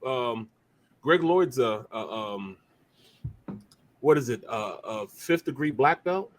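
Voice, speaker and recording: A man's voice: mid-range voice, slow pace, slight background noise. A man in his fifties, a former pro football player, telling locker-room stories in casual chat and acting out the voices of the people in them. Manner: animated, acts out the voices of others.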